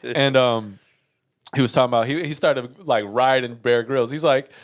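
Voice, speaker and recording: A man's voice: mid-range voice, fairly even intonation, normal speed. Profane, laughing man telling stories. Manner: laughing, profane storytelling with quoted voices. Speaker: podcast co-host. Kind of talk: casual chat.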